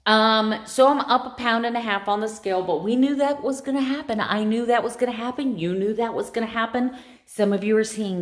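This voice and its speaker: A woman's voice: a little high, fairly quick. A middle-aged American woman vlogger chatting casually to camera in an emotional, confiding way. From United States.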